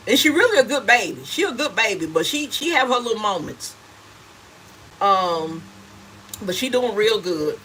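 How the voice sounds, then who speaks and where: Bright-voiced middle-aged woman chatting live. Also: fairly high pitch, expressive, moderate pace, a little hiss or hum, rough recording. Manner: chatty and homey, calls viewers honey and baby. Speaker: gift basket seller hosting a livestream. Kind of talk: casual live chat reading viewer comments.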